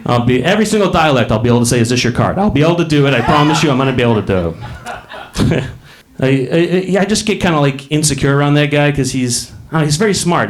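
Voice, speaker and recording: A man in his late thirties doing a stand-up comedy set in a club, rambling and self-mocking, bursting into acted voices. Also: mid-range voice. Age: late 30s.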